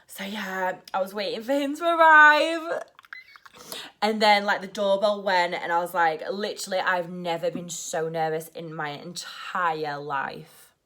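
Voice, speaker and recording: Nervous, rushed woman vlogger. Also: lowish voice, bright, forceful tone. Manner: rushed and nervous, heavy use of "like". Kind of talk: casual storytelling vlog.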